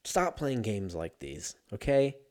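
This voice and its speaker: A man's voice: on the low side, sing-song, slow pace, a little mellow. A man hosting a casual solo podcast, rambling and swearing freely and making fun of himself as he goes. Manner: profane, rambling, self-mocking. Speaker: podcast host.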